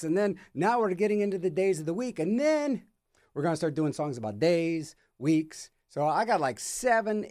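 A male radio host talks from a studio with wry sarcasm. His voice sits high and swings a lot in pitch. The sound is dry and close, with no room echo. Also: darkish tone. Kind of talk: rambling radio chatter.

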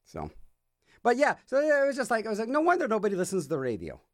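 A man's voice: high voice, wildly swooping pitch, quick pace, no room sound. A man hosting a radio show in a studio, rambling in a wry, sarcastic way. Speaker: radio DJ host.

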